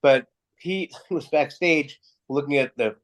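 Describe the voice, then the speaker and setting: A man's voice: a little high, slow pace. Male guest, casual storytelling, acts out what people said, swears a lot. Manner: animated anecdotes, acting out quoted dialogue, frequent swearing. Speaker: guest, music promoter.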